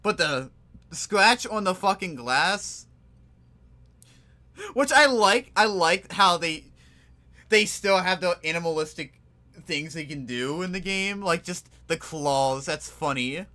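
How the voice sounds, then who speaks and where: A young man giving casual, excitable commentary while playing a game, swearing freely and rambling off on tangents. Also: sits high, takes it slowly. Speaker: gamer. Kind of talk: casual let's play commentary.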